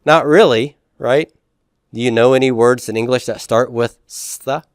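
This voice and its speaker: Male Greek teacher, mid-pitched voice with a smooth, resonant tone, recorded dry and close; explains patiently and keeps asking "right?" to check understanding. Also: unhurried, dry recording. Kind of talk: classroom lecture.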